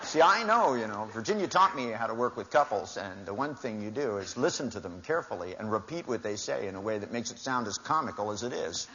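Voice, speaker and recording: A man's voice: on the low side, lively intonation, fast talker, fairly bright tone, a little hiss or hum. An older man giving a seminar talk to a live audience, telling wry anecdotes and acting out the dialogue with shifting voices. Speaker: seminar speaker. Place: large hall with audience. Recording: dull lo-fi live talk recording.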